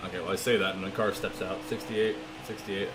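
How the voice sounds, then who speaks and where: A young man livestreaming a racing game from his room, chatting and joking with his viewers in quick asides. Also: low-pitched, steady tone, background noise. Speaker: gaming streamer. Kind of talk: live stream chat and play-by-play. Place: home room. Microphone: desk mic with webcam.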